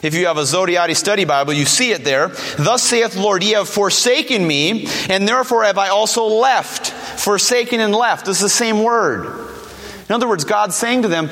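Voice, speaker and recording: High-voiced preacher in an echoing hall. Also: male voice, expressive, normal speed, a bit bright. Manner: emphatic, repeats key words, quotes scripture in a lowered voice. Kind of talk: sermon.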